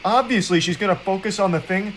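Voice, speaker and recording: A man's voice: high-pitched, fairly quick, a bit bright, a little hiss or hum, low-quality recording. Sarcastic male commentator. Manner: mocking, sarcastic. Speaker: commentator in the reacted video.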